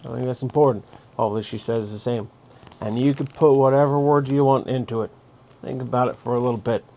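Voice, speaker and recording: A man's voice: mid-range voice, fairly even intonation, fast talker, mellow. Blunt man handing out advice. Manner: blunt, direct, giving orders. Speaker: host. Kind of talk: casual spoken advice monologue.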